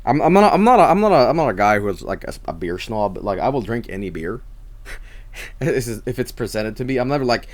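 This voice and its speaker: A man's voice: medium pitch, sing-song, fast talker. Guy streamer rambling away, lots of swearing and stumbling restarts. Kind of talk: casual stream chat.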